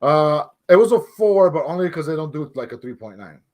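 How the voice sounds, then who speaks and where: A man co-hosting a movie podcast in casual chat, relaxed and rambling with many fillers. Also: a little high, brisk. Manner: relaxed, rambling, lots of likes and ums. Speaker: podcast co-host.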